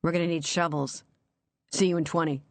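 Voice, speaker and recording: A narrator voicing a determined woman detective who speaks in a steady, matter-of-fact way. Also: low voice, a little fast, no echo. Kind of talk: audiobook character reading.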